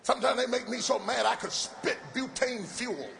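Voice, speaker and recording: A middle-aged man preaching a sermon at a large event on a stage microphone, with a rhythmic delivery that builds to shouted, sing-song cadences and drops into playful folksy asides. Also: very high voice, expressive, moderate pace, gravelly, a little hiss or hum.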